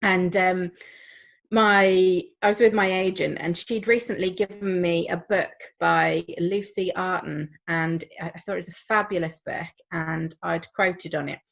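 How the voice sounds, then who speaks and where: A woman, a crime writer on a panel, telling lively, embarrassing anecdotes and acting out the quotes over a video call. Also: lowish voice, a little slow, creaky. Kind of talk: casual panel chat.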